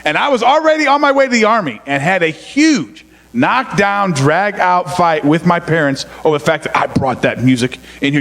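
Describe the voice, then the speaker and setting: A middle-aged man tells stories from the pulpit in a chatty, joking way and pokes fun at himself. His voice sits fairly high. The sound carries the long echo of a church hall. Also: lively intonation, brisk, gravelly, fairly bright tone. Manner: joking, self-mocking, chatty. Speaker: pastor's son, co-preacher. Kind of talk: casual storytelling sermon.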